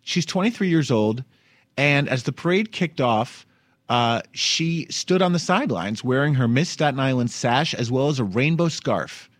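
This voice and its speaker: Laughing through a casual, wry chat about the news, a male podcast host keeps his comedic show lively. His mid-range voice is animated at a moderate pace, recorded with no audible room.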